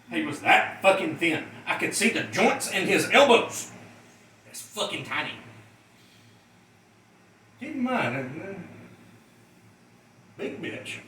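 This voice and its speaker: A man telling a profane comedic rant in an animated way, often laughing through his story. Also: sits high, moderate pace, roomy sound, far from the mic, a little hiss or hum, low-quality recording.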